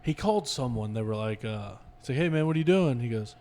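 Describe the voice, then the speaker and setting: A man's voice: medium pitch, animated, fast talker, a little mellow. A man on a casual comedy podcast, telling crude jokes in a loose, laughing way. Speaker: podcast host.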